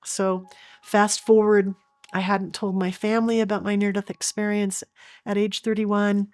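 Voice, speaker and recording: A woman's voice: mid-range voice, flat delivery, unhurried, a little mellow, no echo. A middle-aged woman from Oregon, an interview guest telling a personal story earnestly, with frequent restarts. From Oregon, USA.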